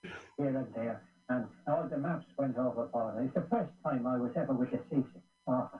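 An actor playing a weathered male pirate sailor in an old film, telling his tale gruffly. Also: mid-range voice, normal speed, roomy sound, natural voice. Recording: tinny distant old film soundtrack.

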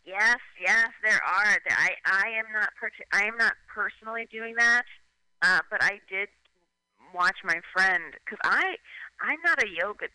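A woman's voice: medium pitch, lively intonation, normal speed, sharp tone, clear, resonant tone, no room sound. A woman calling in to a radio show, talking in a rambling, casual way with lots of "like" and acted-out voices. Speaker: phone-in guest. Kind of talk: casual chat. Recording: tinny phone line.

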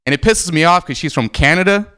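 Brief: male stand-up comic from Armenia, slightly high voice, punchy and emphatic. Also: fast, bright, forceful tone, smooth. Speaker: stand-up comedian. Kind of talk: stand-up set.

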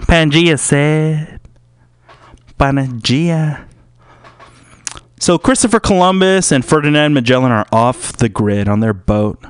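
A man rambling through a podcast monologue, crude and full of profanity. His voice is smooth and sits at an average pitch. The recording is dry and close, with no echo. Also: moderate pace, few pauses. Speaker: podcast host.

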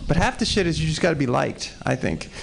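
A Texan in his forties works through an improvised open mic set, his voice gravelly and pitched a little high for a man. He's a fast, sing-song talker whose loose, profane, self-deprecating ramble is full of restarts.

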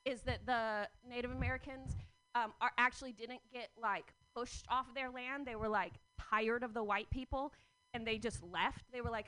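Woman stand-up comic, high voice, scattered and giggly, dry close mic. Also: normal speed, pushed and bright, no room sound. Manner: rambling, self-interrupting, laughing mid-joke. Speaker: stand-up comedian.

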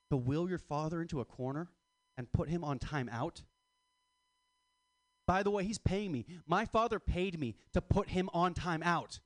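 A man's voice: fairly high pitch, lively intonation, fairly quick, no echo, clean studio sound. A man in his twenties doing a stand-up comedy set, crude, rambling and self-mocking. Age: 20s. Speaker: stand-up comic.

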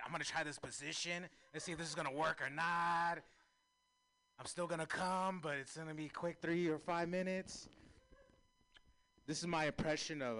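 Crude, bright-voiced stand-up comic man. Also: on the high side, a little hiss or hum. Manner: crude, self-mocking, swings to loud shouting. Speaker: stand-up comedian. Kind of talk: stand-up comedy set.

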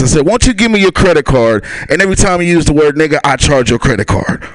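A man's voice: on the high side, very animated, fast, no echo. A man working a stand-up set on a small club stage, his voice swinging up and down as he chuckles through his lines. He keeps talking to the crowd in a loose, easy way. The sound is dry and close on a handheld mic. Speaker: stand-up comic.

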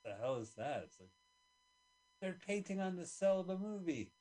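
A man's voice: high voice, big pitch swings, normal speed, dark tone. A man co-hosting a podcast who chats casually about a movie and makes wry jokes. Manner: wry, joking comments. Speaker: podcast co-host.

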